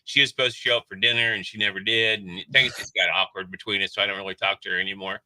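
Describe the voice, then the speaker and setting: A man co-hosting a radio show, chatting casually and teasing his co-host with deadpan jokes. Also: on the low side, racing, poor audio. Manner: joking, teasing deadpan asides. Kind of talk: casual morning radio banter. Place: radio studio.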